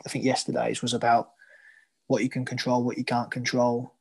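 A man's voice: medium pitch, monotone, a little fast, vocal fry, breathy edge. A man, a new dad and coach, talking casually with many fillers and restarts. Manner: rambling, hesitant, many fillers. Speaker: podcast co-host, coach. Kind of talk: casual chat.

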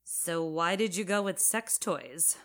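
A woman's voice: fairly low pitch, expressive, slow. Woman voicing an impatient male film director. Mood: questioning. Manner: impatient, snapping questions. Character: brusque male documentary director. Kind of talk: audio drama narration.

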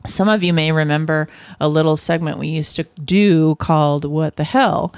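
A woman's voice: low-pitched, clean tone, dry recording. A woman co-hosting a casual podcast, reading out an odd news story and laughing her way through it. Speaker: podcast co-host.

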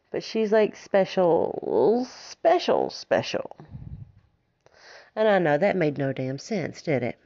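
Speaking in a fairly low, slightly mellow voice, this Alabama podcast host carries a light Southern accent through her casual solo monologue. She giggles, curses freely and makes fun of herself, all on a somewhat dull, lo-fi recording.

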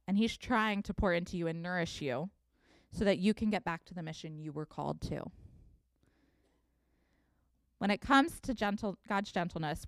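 A woman pastor in her thirties preaching a sermon, telling a scripture story with expressive reading. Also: fairly low pitch, no echo, clean studio sound.

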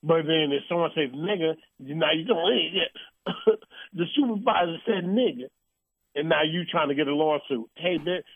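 A man's voice: on the high side, moderate pace, no room sound. A man hosting an uncensored call-in talk show, ranting bluntly and heatedly. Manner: blunt, heated ranting with mocking put-on quotes. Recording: phone-line sound.

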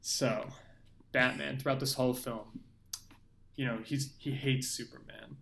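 A man's voice: medium pitch, fairly even intonation, a little slow, creaky, fairly bright tone, a little hiss or hum. A young man co-hosting a podcast in casual chat, sarcastically retelling scenes. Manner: sarcastic, mocking retellings with frequent laughing. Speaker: podcast co-host. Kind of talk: casual movie-review chat.

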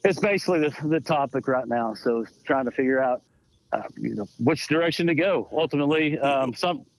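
A man calling in as a guest on a radio show, friendly and easygoing, with frequent pauses and fillers. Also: mid-range voice, poor audio. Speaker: state legislator calling in. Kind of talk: casual radio interview. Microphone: phone.

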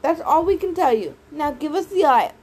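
A woman reading an audiobook aloud, voicing three shrill, bickering old hag sisters who scream and squabble. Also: animated, moderate pace, darkish tone. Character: three shrieking bickering old female hags. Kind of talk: audiobook character voices.

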